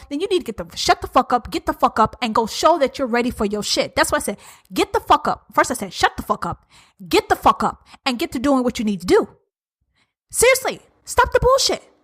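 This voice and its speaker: A woman around forty hosting a solo podcast, blunt and profane, ranting at her listeners and swinging between loud and hushed. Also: sits high. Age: 40s. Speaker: podcast host. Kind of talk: uncensored solo podcast rant.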